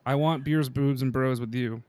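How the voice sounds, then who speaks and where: A male podcast co-host rambling and joking in casual chat. He speaks at a middle pitch, recorded close up and dry with no room sound. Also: fairly even intonation, normal speed, a little mellow, no echo. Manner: jokey, rambling, profane.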